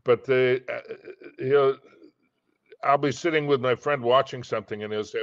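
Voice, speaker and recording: An older American man, a guest in a casual chat, talking in an unhurried, halting way with many restarts. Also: mid-range voice, steady tone, gravelly, no echo, muffled recording.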